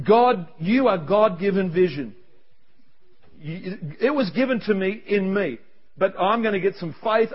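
Pastor guy preaching, high voice, animated, acts out little voices, dull lo-fi recording. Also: breathy edge. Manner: animated, acts out quoted voices, quick asides. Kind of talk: sermon. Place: church service. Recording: dull lo-fi sound.

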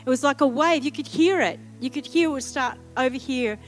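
A woman's voice: high-pitched, a little fast, faint music behind. A middle-aged woman, telling a humorous story in a sermon and acting out the quotes. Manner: lively, humorous, acts out quotes. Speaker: preacher.

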